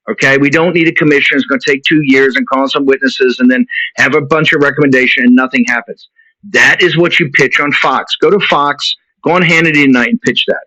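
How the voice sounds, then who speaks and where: A man's voice: mid-range voice, bright, forceful tone, no echo. A man hosting a show, ranting in heated commentary and hammering his points with repetition. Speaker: show host. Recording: dull lo-fi recording.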